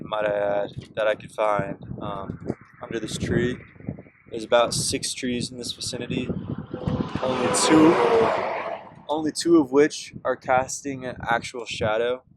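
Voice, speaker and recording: A man of ordinary pitch talks to the camera beside a road, earnest and upbeat, with small laughs as he reflects. The outdoor recording is swamped by loud wind noise. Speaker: long-distance walker vlogging his journey. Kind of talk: casual vlog monologue. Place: outdoors by a roadside.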